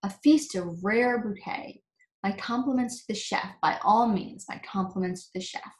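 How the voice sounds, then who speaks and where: A woman's voice: mid-range voice, moderate pace, lightly acted. A woman voicing a pompous, wordy male humbug insect who talks in flowery phrases, in a storybook reading. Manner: flowery and agreeable. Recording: echoey room.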